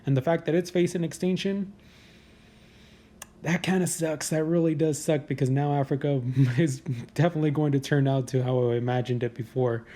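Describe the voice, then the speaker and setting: A man's voice: on the high side, steady tone, moderate pace, mellow. A man hosting a comedy news podcast, riffing on headlines in a casual, crude, sarcastic way. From United States. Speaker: podcast host.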